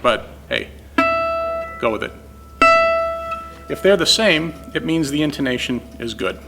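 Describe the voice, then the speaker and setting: A man's voice: on the high side, sing-song, measured pace. A man teaching guitar setup in a casual, step-by-step way while demonstrating on an instrument. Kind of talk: informal technical explanation.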